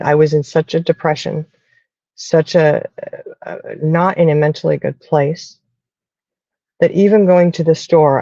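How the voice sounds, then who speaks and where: Chatty Southern woman, gravelly voice. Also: low voice, dark tone, dry recording, muffled recording. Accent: Southern American. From American South. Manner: chatty storyteller, acts out quoted voices. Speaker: podcast host. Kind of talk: casual chat.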